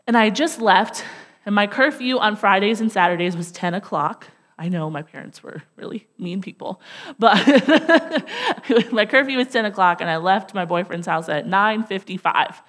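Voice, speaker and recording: A woman preaching a sermon from the front of a church, her voice sitting at a middle pitch. She tells a story with self-deprecating humor and laughs easily along the way. Long reverb from the hall trails after her words. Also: a bit bright. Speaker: pastor. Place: church sanctuary.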